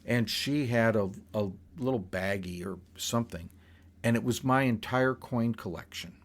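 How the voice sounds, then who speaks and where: An older man telling a personal story in a rambling, halting way, with frequent restarts. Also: medium pitch.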